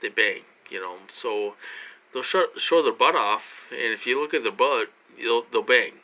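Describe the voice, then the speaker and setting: In this casual vlog monologue, a man with a lowish, bright voice and a forceful tone talks at a moderate pace straight to his audience from his own room. He rambles, repeats points, and fills the gaps with plenty of fillers.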